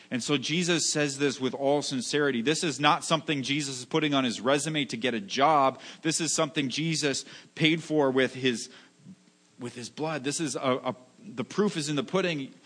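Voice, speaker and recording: A pastor delivers a sermon in an earnest, conversational way. He is a man with a middle-pitched voice who repeats key phrases, restarts his sentences and keeps checking in with a quick "right?". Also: fairly bright tone. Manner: earnest, repetitive, many restarts and rhetorical "right?".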